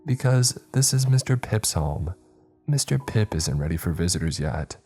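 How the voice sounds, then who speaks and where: A man voicing a cheery but menacing clown spirit living in a closet, speaking in a high, sing-song tone. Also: animated, moderate pace, a little mellow, faint music behind. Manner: high-pitched sing-song, refers to himself by name.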